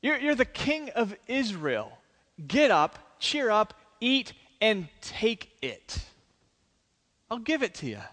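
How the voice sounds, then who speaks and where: A man voicing a ruthless, scheming queen who gives brisk commands, in a sermon. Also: very high voice, very animated, fairly bright tone, long reverb tail, voice pushed up, exaggerated voice. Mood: bossy, scheming. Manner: bossy, commanding.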